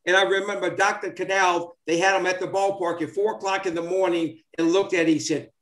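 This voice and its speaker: With a high-pitched, slightly bright voice and fairly even intonation, this ex-baseball player in his seventies talks a little fast as a guest. He rambles through old sports memories casually, stumbling into fillers and restarts, in a recording with a roomy echo.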